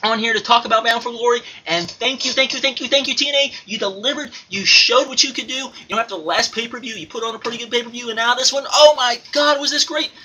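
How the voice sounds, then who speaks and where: A man's voice: very high voice, fast talker, hardly any pauses, bright, forceful tone, slight background noise, full character voice, low-quality recording. A man voicing a giddy male alter-ego reviewer who gushes over wrestling shows and keeps repeating and exclaiming. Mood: gushing. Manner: gushing, repeats himself, exclaims often. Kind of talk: excited spoken review.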